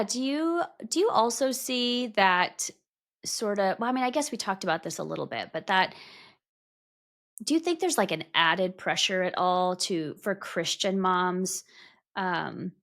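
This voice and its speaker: Her voice mid-range and a bit bright, a podcast host conducts a casual interview chat, thinking aloud and reworking her lengthy questions mid-sentence.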